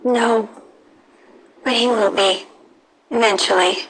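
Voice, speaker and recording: An actress playing a supportive mother who speaks gently and reassuringly. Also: on the high side, fairly even intonation, slow pace, background noise. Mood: gentle.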